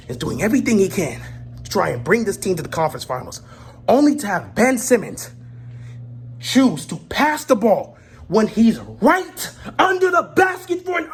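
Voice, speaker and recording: A woman delivering a heated sports rant, exasperated and repeatedly shouting in disbelief. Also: medium pitch, wildly swooping pitch, a little slow, pauses often, husky. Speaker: sports commentator.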